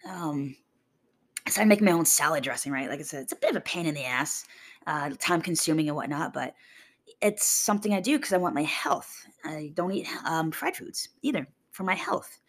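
Fitness vlogger, woman, lowish voice with lots of swing, blunt and casually profane. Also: moderate pace. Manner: blunt, swears casually, animated mimicry of others. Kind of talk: casual motivational monologue.

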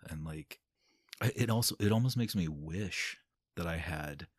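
A man with a very low, husky voice talks openly in a relaxed podcast chat. He swears freely and breaks into laughter often. The sound is dry and close. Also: a little slow, no room sound. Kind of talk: casual podcast conversation.

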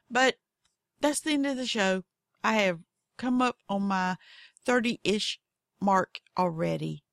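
A woman with a Southern accent talks slowly and folksily, hosting her own podcast. Her voice has a gravelly, fry-tinged edge. It is recorded dry and close, with no room sound. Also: mid-range voice, dry recording. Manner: goofy, folksy, acts out her cats in voices. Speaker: podcast host. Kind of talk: casual storytelling monologue.

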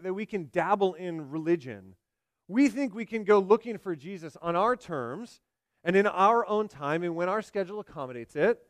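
A man preaching a sermon, swinging from loud emphatic lines to hushed, low delivery. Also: dry recording, studio quality. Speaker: pastor.

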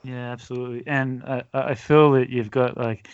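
A man's voice: medium pitch, steady tone, a little fast, dry recording, muffled recording. Playful male podcast host, dry sound. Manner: playful, teasing, laughs along. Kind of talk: casual podcast interview.

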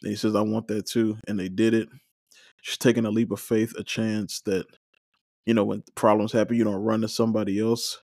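A man with a lowish voice talks through a show recap in a loose, conversational way, full of opinions and asides. The sound is dry and close, with no room echo. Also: little pitch movement, a little fast, darkish tone. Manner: conversational, opinionated, rambling with fillers. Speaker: watch-along recap host. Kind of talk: casual solo recap commentary.

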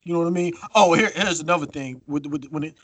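A man cohosting a podcast, telling stories in a casual, profane, animated way. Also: a little high, quick pace, no room sound. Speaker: podcast co-host.

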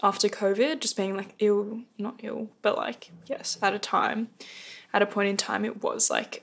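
A woman's voice: medium pitch, little pitch movement, moderate pace, gravelly. A young woman hosting a casual rant podcast, rambling and self-deprecating on a close microphone. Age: young adult. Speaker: podcast host. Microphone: close podcast mic.

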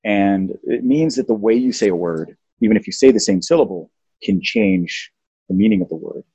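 A low-voiced man with a husky edge talks casually, playfully teaching as a show host. The recording is dry and somewhat dull. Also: normal speed, mellow, no room sound. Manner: playful, teaching, sings out tones. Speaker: podcast host. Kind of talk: casual chat, explaining language.

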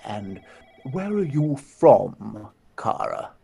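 A performer doing a doddering, posh octogenarian director with a husky voice that wanders up and down in pitch. He speaks slowly, courtly and tactless. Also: big pitch swings, dark tone, faint music behind, exaggerated voice. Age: 80s. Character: frail posh elderly male film director.

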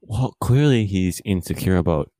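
Man, very deep, gravelly, mellow tone, deadpan co-host. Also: moderate pace, dry recording. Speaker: podcast co-host. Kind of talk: comedic improvised podcast bit.

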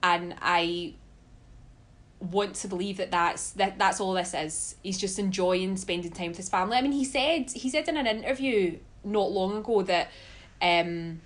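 A Scottish woman telling stories as a guest in a casual podcast chat, chatty and quick to laugh. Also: medium pitch. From Scotland. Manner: chatty storyteller, laughs often.

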